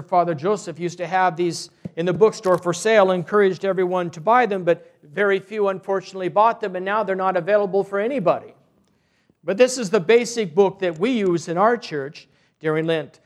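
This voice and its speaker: Male priest with a high voice, earnest sermon storytelling, loose and conversational. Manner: earnest storytelling, unhurried, with restarts. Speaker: parish priest.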